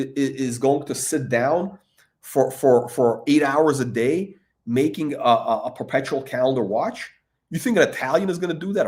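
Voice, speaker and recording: A watch commentator speaks in a slightly high voice with a darkish tone. His monologue rambles and is full of profanity, with lots of fillers, restarts, and laughter between remarks.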